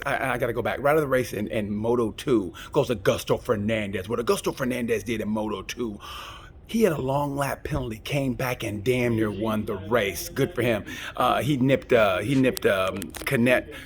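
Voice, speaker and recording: A man's voice: lowish voice, slight background noise. A man hosting a casual, comedic race review, rambling and joking with frequent restarts. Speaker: motorsport review host.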